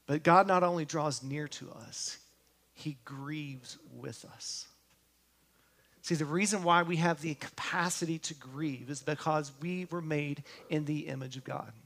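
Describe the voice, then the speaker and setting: A male pastor with a high voice delivers a sermon, speaking slowly and deliberately. He addresses his congregation directly with questions. He falls quiet and gentle on tender lines, then rises again on words of hope. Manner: earnest, drops to a hush on tender lines and rises on points of hope; talks straight to the congregation with questions.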